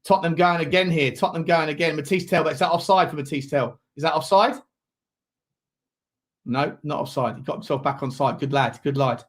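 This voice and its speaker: Man, football watchalong host, fairly high voice, excitable, live match commentary, yells at big moments. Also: a little fast. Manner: excitable, shouts at big chances, chats to viewers.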